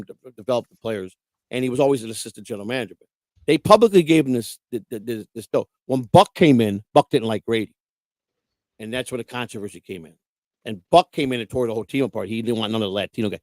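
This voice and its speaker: A man talks fast in a loose, rambling storytelling style, full of curses and restarts. His voice sits at a middle pitch and is recorded dry and close, with no room sound. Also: dry recording. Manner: profane, repetitive, rambling. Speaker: guest telling stories. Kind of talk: casual storytelling.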